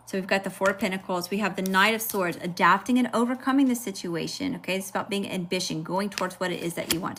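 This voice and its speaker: A woman's voice: lowish voice, a bit bright, a little hiss or hum. A woman with a Southern accent giving a live tarot reading, chatty and informal, peppering her talk with "okay" and "y'all". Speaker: tarot reader. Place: at home at a table.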